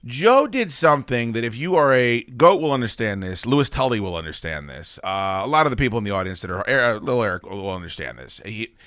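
Animated, profane male show host. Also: mid-range voice, a little fast, hardly any pauses, no echo, studio quality. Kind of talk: casual podcast banter.

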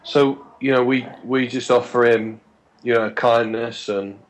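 A man recounts a long story as a podcast guest, talking in a chatty, stop-start way. He often restarts his words and briefly acts out the voices of the people he quotes. His voice sits at an ordinary middle pitch. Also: fairly even intonation, unhurried, poor audio. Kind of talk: anecdotal storytelling.

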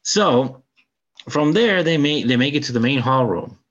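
A man co-hosting a casual podcast, excitedly recounting a film's plot and acting out the characters' lines. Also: mid-range voice, measured pace, muffled recording. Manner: animated retelling, acts out character lines. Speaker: podcast co-host. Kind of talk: casual film review chat.

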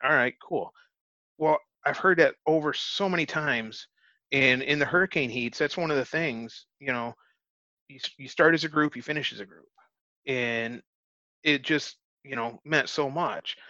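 A man's voice: medium pitch, moderate pace, sharp tone, no echo. A man, an interview guest, telling a story in casual, earnest talk, often restarting his phrases. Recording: dull, dry lo-fi recording.

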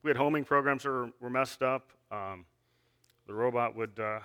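A man's voice: mid-range voice, normal speed, sharp tone, clear, resonant tone. A man giving an earnest sermon, reading scripture and asking the listeners questions, with frequent restarts. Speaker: lay preacher.

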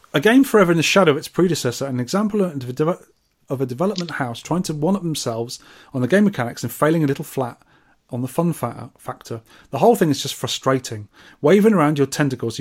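A man's voice: fairly high pitch, animated, brisk, breathy edge. A man co-hosting a podcast, reading listener comments and scores with wry, teasing asides. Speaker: podcast co-host.

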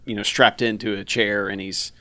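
A man's voice: on the low side, flat delivery, moderate pace, pushed and bright. Man telling a movie scene with friends. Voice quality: storytelling, quotes characters in playful voices. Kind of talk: casual movie recap chat.

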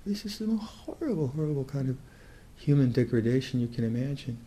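An older man, a Buddhist meditation teacher, giving a reflective dharma talk in a thoughtful, halting way, often restarting his sentences. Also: medium pitch, very animated, mellow.

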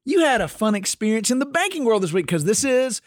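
A man's voice: very high-pitched, brisk, dry recording, studio quality. A man co-hosting a podcast, telling stories in casual banter and laughing often. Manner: animated storyteller, laughs often. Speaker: podcast co-host.

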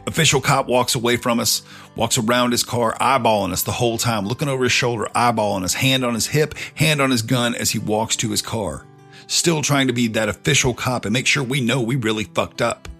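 Brief: man narrating casually with cursing, gravelly voice, faint music behind. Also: mid-range voice, brisk, a bit bright. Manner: swearing, conversational. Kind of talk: casual storytelling.

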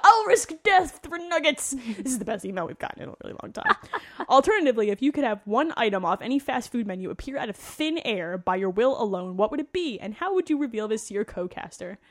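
A woman's voice: medium pitch, expressive, fast. A woman co-hosting a podcast in casual chat, reading listener emails aloud, laughing often and swearing freely. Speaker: podcast co-host.

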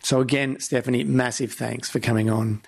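Gravelly man hosting a podcast. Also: medium pitch, steady tone, normal speed. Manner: upbeat, effusive. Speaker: podcast host. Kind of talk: podcast interview and outro.

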